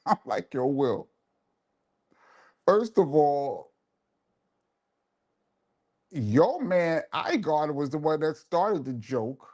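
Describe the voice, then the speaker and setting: A man's voice: a little high, very animated, very slow, pauses often, darkish tone. A man hosting a live show and telling a laid-back, laughing story in casual street slang. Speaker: host and DJ.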